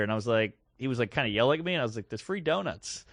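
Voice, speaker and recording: A man's voice: medium pitch, expressive, racing, dry recording, clean studio sound. A man co-hosting a podcast, telling rambling comedic road stories and acting out the people in them. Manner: rambling anecdotes with acted-out quotes. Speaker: podcast co-host. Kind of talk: casual comedic storytelling.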